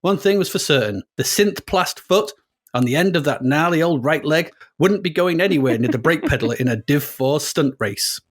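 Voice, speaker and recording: A man's voice: fairly high pitch, expressive, normal speed, husky. A man reading a story aloud in a put-on American accent, playing a boastful, cynical washed-up race driver with a slangy, sneering drawl. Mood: swaggering.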